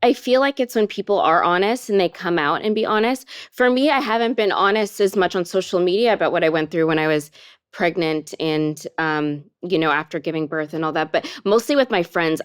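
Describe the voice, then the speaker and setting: A young woman guest in an interview, speaking candidly in a soft, halting way with many fillers. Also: on the low side, clear, resonant tone. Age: young adult.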